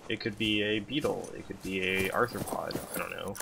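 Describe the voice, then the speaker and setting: A man's voice: deep voice, fairly even intonation, brisk, gravelly, background noise. A man giving loose, joking let's-play commentary while he plays. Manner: rambling, joking asides. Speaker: gamer. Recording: loud game sounds behind.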